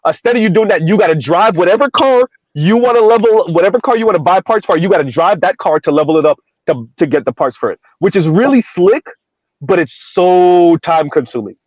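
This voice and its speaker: A man's voice: high-pitched, lively intonation, brisk, no room sound. A man hosting an online panel chat, talking casually and restarting his sentences often. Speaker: show host. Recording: dull dry lo-fi audio.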